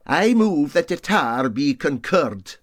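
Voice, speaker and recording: A man's voice: fairly high pitch, sing-song, takes it slowly, no room sound, voice pushed up. Male reader as a self-important Scottish mate, formal and pompous, dry close sound. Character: pompous male ship's mate, word-mangling.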